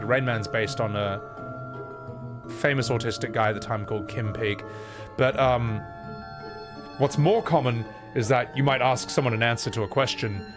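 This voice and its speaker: A man streaming a game, rambling and self-deprecating in casual commentary. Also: mid-range voice. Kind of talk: casual gameplay commentary with voice acting.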